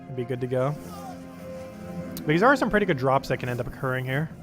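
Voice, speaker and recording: A man's voice: mid-range voice, animated, fast, music in the background. A young man live-streaming a game, giving casual, rambling commentary full of filler words.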